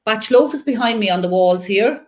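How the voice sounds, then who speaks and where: A woman's voice: mid-range voice, expressive, fairly quick, darkish tone. A woman, a master painter and decorator, giving practical, chatty decorating advice as the guest in a live interview.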